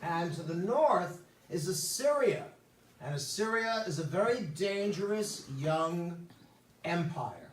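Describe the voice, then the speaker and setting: A man's voice: high voice, expressive, slow pace. Wisecracking man teaching from across a room. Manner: wisecracking storyteller, chatty asides. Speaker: rabbi teaching a Bible class. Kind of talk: joking Bible lesson. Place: temple room. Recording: roomy sound from a distance.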